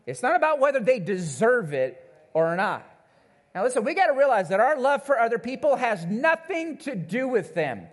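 This male pastor has a very high voice and speaks at a moderate pace while preaching to a congregation at church. He keeps things conversational and animated, addressing the listeners directly and performing the voices of those he quotes.

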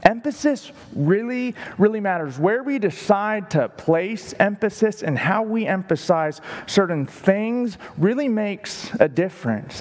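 A man's voice: a little high, a little mellow. A man preaching a sermon as pastor, emphatic and stretching words for stress. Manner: emphatic, varies his pace for stress. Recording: long hall reverb.

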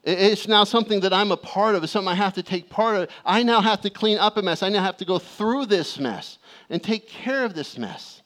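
Animated male pastor telling a story. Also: high voice, brisk, few pauses. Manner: animated storyteller, acts out voices, calls for amens. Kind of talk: sermon with personal story.

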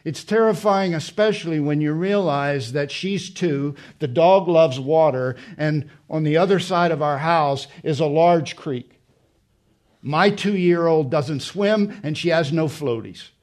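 A middle-aged man delivers a sermon with a slightly raised pitch and an unhurried, deliberate pace. He swings between loud, emphatic passages and hushed, quiet confession. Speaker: pastor.

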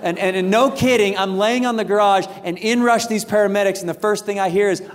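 A man with a high voice preaches a sermon in a large church auditorium. He tells his story with humor and acts out the quoted lines. His words ring with a long hall reverb. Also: fairly even intonation, brisk, hardly any pauses. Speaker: pastor.

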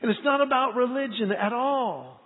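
A middle-aged man, a pastor, preaching a sermon and telling personal stories in a lively, earnest way. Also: very high-pitched, moderate pace. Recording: tinny phone-like sound with long hall reverb.

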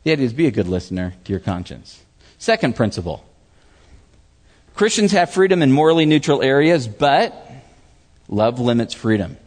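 Lively preaching man in a reverberant hall. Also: medium pitch, normal speed, pauses often. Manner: animated preaching with questions to the audience, acts out voices. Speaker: pastor. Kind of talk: sermon.

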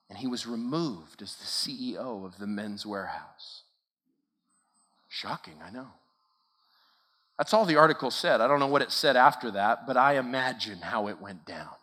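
Bright, slow-paced man preaching in a hall. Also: mid-range voice, husky. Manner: emphatic, storytelling, rising to forceful declarations. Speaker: camp speaker. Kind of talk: sermon. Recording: long hall reverb.

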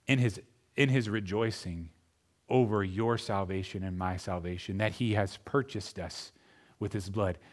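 A pastor preaching a sermon, speaking straight to his congregation and swinging between quiet, intimate lines and loud, emphatic ones. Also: lowish voice, steady tone, unhurried. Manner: addresses the congregation directly.

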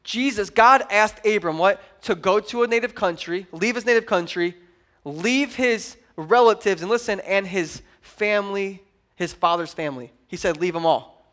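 A man in his thirties, a pastor, preaching at a church service with animated storytelling and lots of "like". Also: high-pitched, moderate pace. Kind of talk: sermon.

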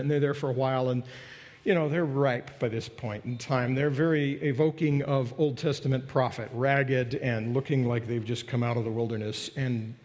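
A male pastor delivers a sermon with a slightly higher-than-usual voice, telling a story with animated, acted-out lines before easing into a hushed prayer. His voice rings with the long reverb of a large church sanctuary.

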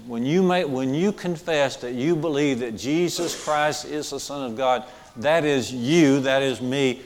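A medium-pitched male preacher gives a sermon in a large hall. He often says "okay," repeats important phrases to stress them, and puts questions to his listeners to check in with them.

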